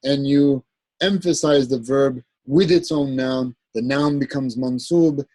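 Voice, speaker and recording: Guy teaching grammar, raspy voice, stops and starts a lot, keeps saying right?. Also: medium pitch, darkish tone, no echo, poor audio. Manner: explanatory, checks in with "right?"; halting, with fillers and self-corrections. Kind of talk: classroom lecture.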